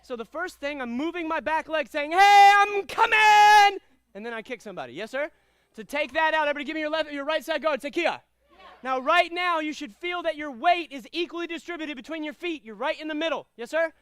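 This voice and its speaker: A man teaching a karate class, giving energetic commands and calling out drills and counts. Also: very high-pitched, fast talker, no room sound. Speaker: karate instructor. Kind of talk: martial arts class instruction.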